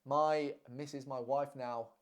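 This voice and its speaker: A young man giving fitness and diet advice in a blunt, teasing, energetic way, swearing freely. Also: medium pitch, takes it slowly. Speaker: fitness coach. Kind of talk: casual direct-to-camera advice.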